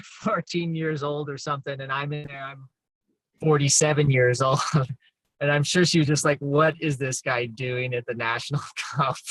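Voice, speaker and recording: A man's voice: fairly high pitch, a bit bright, no echo, poor audio. A man in his fifties chatting casually as an interview guest, telling stories in a chatty, self-deprecating way. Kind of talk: casual chat.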